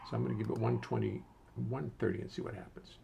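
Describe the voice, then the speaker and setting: A man's voice: sits low, sing-song, fast, gravelly, mellow, slight background noise. An older man casually hosting a livestream from his home studio, greeting viewers by name and muttering to himself as he adjusts settings.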